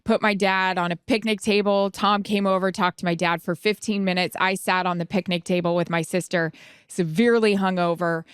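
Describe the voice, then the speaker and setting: A woman co-hosting a podcast, telling an animated personal story in casual chat and acting out the quoted voices. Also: lowish voice, brisk, smooth, no echo, studio quality. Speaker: podcast co-host.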